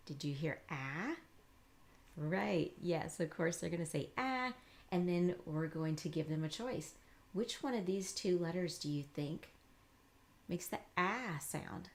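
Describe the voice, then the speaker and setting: A woman teacher with a lowish voice explains phonics patiently and encouragingly. She slows down to sound out each letter with care and keeps a steady instructional tone. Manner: slow, exaggerated modeling of letter sounds. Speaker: reading teacher. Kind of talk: instructional demonstration.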